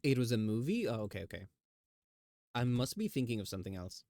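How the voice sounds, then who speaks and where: A male streamer chatting at a mid pitch, talking in a yappy, lively way and slipping into quick put-on voices as he tells stories. He sounds close to the mic with a dry sound and no room echo. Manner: chatty, animated storytelling with mimicked voices. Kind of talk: casual chat.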